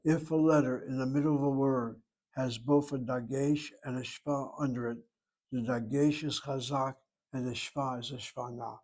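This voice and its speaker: A man teaching a Hebrew grammar lesson, sounding out words slowly and repeating them for his students. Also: mid-range voice, steady tone, a little mellow, low-quality recording.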